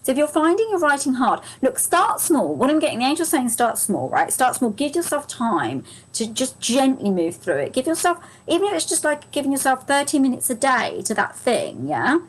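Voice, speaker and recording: A woman's voice: high voice, very animated, moderate pace, hardly any pauses, husky, rough recording. A woman giving a live angel card reading to viewers. She is chatty and gushing, laughs often, talks to viewers by name, and her voice is strained and fading.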